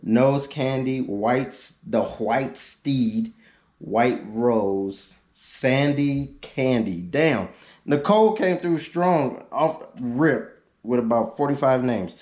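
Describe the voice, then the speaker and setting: Male vlogger, unhurried and easygoing, mid-pitched, joking asides. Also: a little mellow. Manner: laid-back, drawn-out, joking asides. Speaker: YouTube car vlogger. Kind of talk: casual chat reading viewer suggestions.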